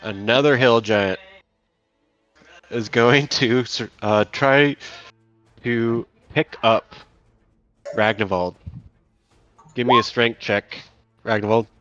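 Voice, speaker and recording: A man's voice: medium pitch, slow, long pauses, a bit bright, muffled recording, faint music behind. A man serving as game master, narrating a tabletop game in a casual, stop-start way with many fillers, over an online call.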